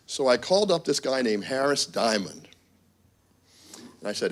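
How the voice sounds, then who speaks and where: A man's voice: mid-range voice, sing-song, moderate pace, pauses often. A middle-aged man gives a symposium talk as a university dean. His voice sits in a middle register, and he tells anecdotes with wry asides, acting out the quotes as he goes. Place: conference room.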